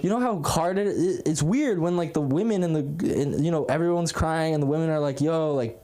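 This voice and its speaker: A man's voice: fairly high pitch, brisk, a crowd in the background. A young man doing a stand-up set at an open mic, rambling and self-deprecating, with lots of fillers. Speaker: stand-up comic. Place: comedy club stage.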